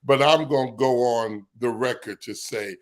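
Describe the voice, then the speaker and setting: A man, a bishop being interviewed, talking in an affectionate, relaxed way with fillers and chuckles. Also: mid-range voice, moderate pace. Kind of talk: casual chat.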